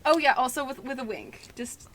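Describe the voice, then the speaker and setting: A woman player in a tabletop game, chatty and playful. Her voice is high and bright, swinging widely in pitch. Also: lively intonation, brisk, rough recording. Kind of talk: casual chat.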